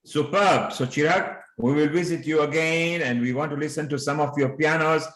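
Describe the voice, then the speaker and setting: A man's voice: a little high, normal speed, fairly bright tone. Guy hosting an online show, gushing compliments, roomy echo on the call. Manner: effusive, compliments guests. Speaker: host. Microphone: video call. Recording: echoey room on video call.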